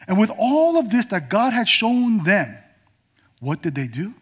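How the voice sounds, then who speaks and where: High-voiced dramatic male preacher. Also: very animated, measured pace, husky. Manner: dramatic, swinging from emphatic to whispered. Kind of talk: sermon.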